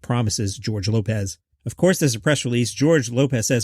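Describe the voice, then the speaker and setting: A man's voice: medium pitch, normal speed, a little mellow, no room sound, studio quality. A man hosting a comedy news podcast, reading headlines with jokey asides. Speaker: podcast host.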